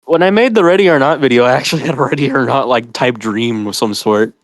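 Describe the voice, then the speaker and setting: A man's voice: mid-range voice, quick pace, no room sound. Man, casual chat, rambling, filler-heavy, laughs a lot, dead dry sound. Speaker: podcast host.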